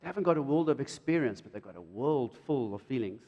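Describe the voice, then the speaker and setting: A middle-aged man, preaching a sermon in an animated way and acting out quotes. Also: fast, highs cut off. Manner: animated, jumps to loud high emphasis and acts out quotes. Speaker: pastor. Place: church hall. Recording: reverberant church hall.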